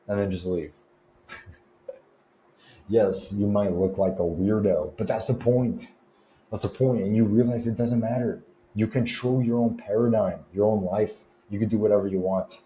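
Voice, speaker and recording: A man's voice: lowish voice, moderate pace, dark tone. A young man coaching fitness and confidence in a laid-back, slangy, chatty way. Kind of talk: casual advice vlog. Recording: roomy echo with faint noise.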